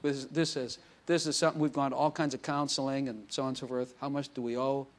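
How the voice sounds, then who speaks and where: A man's voice: medium pitch, flat delivery, quick pace. Chatty, storytelling male preacher. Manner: conversational, storytelling with frequent laughs and quoted dialogue. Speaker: pastor. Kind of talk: sermon.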